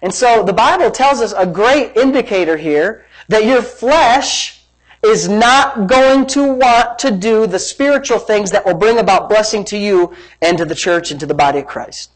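Energetic preacher driving a sermon home. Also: medium pitch, moderate pace, low-quality recording. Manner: energetic preaching with repeated phrases and rhetorical questions. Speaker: pastor. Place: church service.

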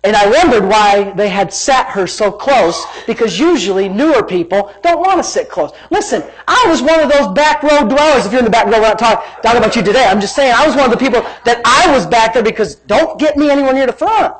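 High-voiced animated male preacher. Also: fairly quick, hardly any pauses, husky, low-quality recording. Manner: animated storytelling with laughter and shouted emphasis. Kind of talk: sermon.

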